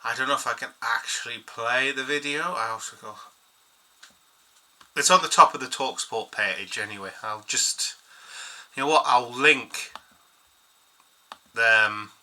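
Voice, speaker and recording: A man with a very bright voice rambles through a fan-channel chat. He reads pieces of an article aloud and breaks off to comment. His pitch sits in the middle. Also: a little slow, pauses often, poor audio. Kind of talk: casual solo commentary.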